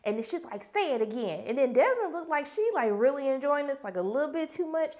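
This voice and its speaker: A young woman, chatting casually about a TV episode. Her voice sits a little high, and she slips into the characters' lines as she retells scenes. Animated and talkative throughout. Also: fast. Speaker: TV review vlogger.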